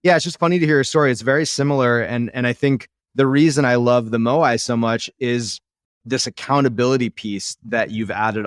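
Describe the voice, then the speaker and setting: Podcast host, male, 30s; smooth clear voice, dry close sound, eager casual talk. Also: mid-range voice, no room sound. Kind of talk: casual conversational interview.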